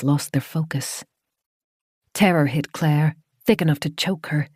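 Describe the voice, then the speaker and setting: Low-voiced woman reading a horror audiobook. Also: unhurried, pauses often, darkish tone, husky, dry recording, clean studio sound. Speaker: audiobook narrator. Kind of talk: scripted horror audiobook narration.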